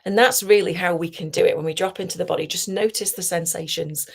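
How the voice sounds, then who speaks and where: A woman coach leading a guided tapping session, talking slowly and soothingly and often dropping to a whisper. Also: fairly low pitch, fairly even intonation, vocal fry, slightly rough. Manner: slow, soothing, softly guiding with whispered phrases.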